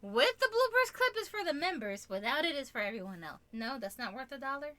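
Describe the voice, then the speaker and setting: A woman co-hosting a casual podcast chat, playful and teasing, quick to giggle. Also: high-pitched, very animated, very noisy. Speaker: podcast co-host.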